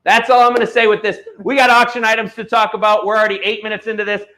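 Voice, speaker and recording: High, bright-voiced heated male auction host. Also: little pitch movement, fast. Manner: heated, blunt, salesy. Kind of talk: live-stream product pitch with ranting.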